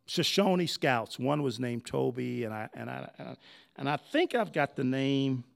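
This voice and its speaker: An older man giving a storytelling history talk, animated and conversational, often checking in with his audience. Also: medium pitch, measured pace, vocal fry. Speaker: history speaker.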